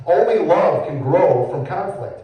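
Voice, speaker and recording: Middle-aged guy doing his church testimony, stumbles over words, booms around a big echoey hall from off mic. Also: animated, far from the mic, dull audio. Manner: halting, repeats words, swings from hushed to loud. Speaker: testimony speaker, former comedian. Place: church sanctuary.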